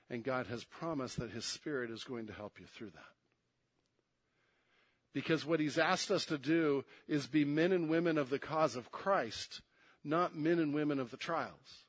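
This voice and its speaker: Delivering a sermon in a fairly high voice, this preacher swings from quiet to forceful and drives his points home through repetition.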